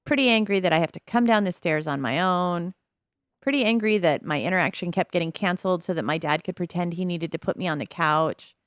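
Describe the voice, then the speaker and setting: A woman's voice: lowish voice, a little fast, no echo, close to an everyday voice. A woman voicing a sulky toddler boy in a life-sim game, grumbling and complaining. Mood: grumpy.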